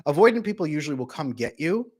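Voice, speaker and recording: A man who works as a relationship coach gives casual advice and briefly acts out both partners in quick asides. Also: on the high side, big pitch swings, a little mellow.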